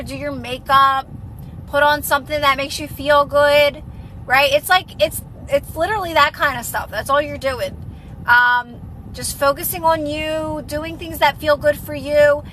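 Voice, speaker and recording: A woman's voice: high voice, bright, forceful tone, slight background noise, low-quality recording. A woman giving casual, repetitive, reassuring advice on a live stream and answering viewer comments as a manifestation coach.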